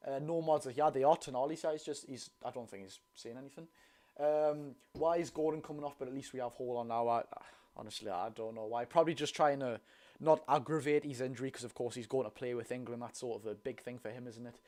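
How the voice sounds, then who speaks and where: A man's voice: mid-range voice, fast talker, darkish tone. Geordie male streamer, blunt and chatty, live match watch-along, mid-range voice. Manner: blunt, chatty, thanks viewers between reactions to play.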